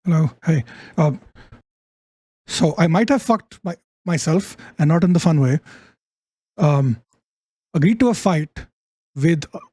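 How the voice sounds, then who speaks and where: A man's voice: on the high side, animated, measured pace, long pauses, warm tone, no room sound, studio quality. A man, a player in a tabletop game, talking in character in a frustrated, stumbling way, swearing a lot. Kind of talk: in-character tabletop role-play.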